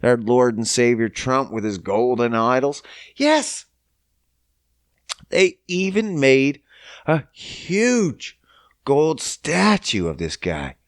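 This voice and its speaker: A podcast host, a man, rants with heavy profanity and biting sarcasm. He talks at an unhurried pace, and his pitch leaps from mock-innocent highs down to low grumbles. The sound is dry and close. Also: sing-song, no room sound. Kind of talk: casual podcast chat.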